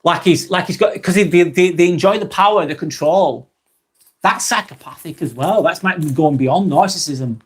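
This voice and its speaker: A man's voice: fairly high pitch, normal speed, slightly rough. A man hosting a live vlog, talking bluntly and expressively, swearing freely and reading out chat comments.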